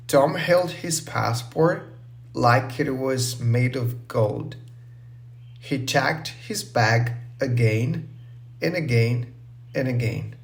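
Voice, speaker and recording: A man narrating a simple story for English learners, slow, clear and deliberate. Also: mid-range voice.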